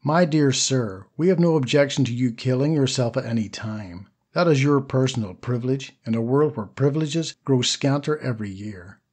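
Man reading calm precise old shopkeeper, audiobook, lowered voice, husky. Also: moderate pace, hardly any pauses, lightly acted. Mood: courteous.

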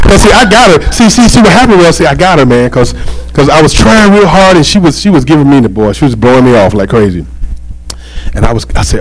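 A man preaching a sermon as pastor, animated and joking, with call-and-response asides to the congregation. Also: medium pitch, a little fast, low-quality recording.

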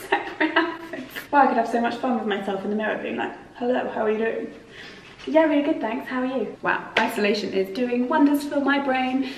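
British woman, twenties, chatty haul vlog, bubbly asides, fairly high voice, roomy echo, a bit off-mic. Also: distant mic. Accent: British English. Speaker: fashion vlogger. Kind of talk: casual try-on haul chat. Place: home room, seated by a sofa. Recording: echoey room, voice a little off-mic.

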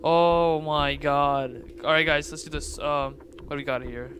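A young man commentating a game, jittery, swinging from hushed mutters to loud yelps. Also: on the high side, steady tone, brisk. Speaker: gaming YouTuber. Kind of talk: let's-play commentary. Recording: loud noise behind voice.

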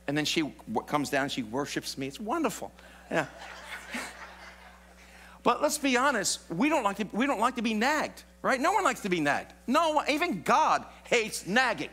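A pastor preaching live in a church sanctuary, a man with a high, ringing voice. He keeps it animated and playful and teases the congregation as he goes. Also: moderate pace, long pauses. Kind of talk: sermon. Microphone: live broadcast mic.

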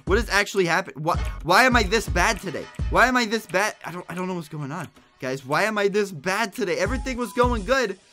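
Hyped young guy streaming a game, high bright voice, keeps tripping over words, faint music behind. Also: brisk, hardly any pauses. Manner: excitable, stammering restarts, frequent laughs. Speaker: gaming livestreamer. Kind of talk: live gameplay commentary.

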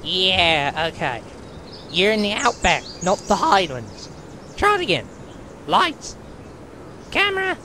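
A woman's voice: on the low side, very animated, slow pace, long pauses, pushed and bright, a little hiss or hum, full character voice. A woman voicing a fussy bossy male director. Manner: exclaiming, bossy.

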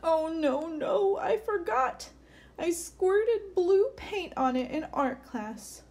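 A woman voicing an anxious young girl bird twin in a storybook reading, high-pitched and anxious. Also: expressive, measured pace, warm tone, lightly acted. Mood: dismayed.

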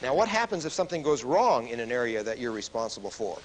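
A military officer giving a stress management lecture to a group, telling stories and asking the audience questions. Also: male voice, mid-range voice, fast, a little hiss or hum, rough recording. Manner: animated storyteller who asks the audience questions.

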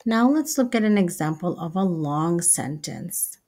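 Woman teaching english, low-ish voice, super slow and careful, repeats every example. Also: expressive, darkish tone. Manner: slow, deliberate, repeats each example sentence. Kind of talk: slow step-by-step English lesson.

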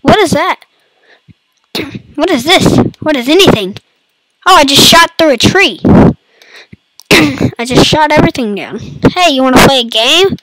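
A woman with a hoarse, fading voice and a cough, chatting playfully to viewers over gameplay. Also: high-pitched, expressive, measured pace, long pauses, a bit bright, no echo, rough recording. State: hoarse, losing her voice, coughing. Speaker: gaming YouTuber. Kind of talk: casual let's-play commentary. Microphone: computer mic.

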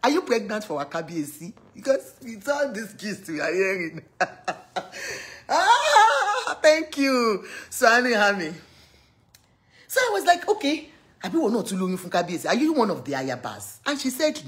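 Animated Nigerian woman gossiping. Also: mid-range voice, unhurried, long pauses. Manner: animated storytelling, acts out quoted voices; switches into pidgin and Yoruba phrases. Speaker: gossip vlogger. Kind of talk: casual gossip chat.

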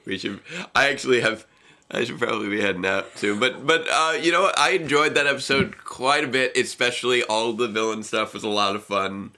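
A man's voice: medium pitch, steady tone, fairly quick, pushed and bright. A young man co-hosting a casual reaction chat, rambling and restarting his sentences and laughing often. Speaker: co-host reviewing episodes.

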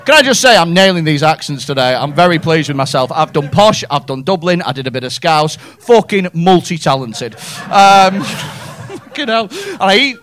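Excitable high-voiced man. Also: unhurried. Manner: sweary, excitable, laughing at own jokes. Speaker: stand-up comedian. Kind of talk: crowd work. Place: comedy club stage.

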